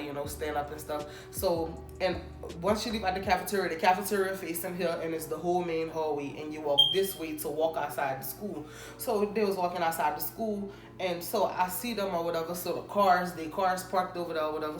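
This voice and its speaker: A young woman casually telling a storytime, animated and acting out the people she quotes. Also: lowish voice, brisk, reverberant, faint music behind. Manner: animated, acts out quoted people in raised voices. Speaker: storytime vlogger.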